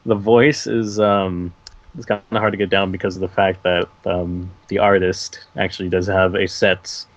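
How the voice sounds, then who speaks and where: Low-voiced young man, rambling and hesitant. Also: little pitch movement, moderate pace, lo-fi sound. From California. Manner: rambling, hesitant, many fillers. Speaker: guest voice actor. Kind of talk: casual interview chat.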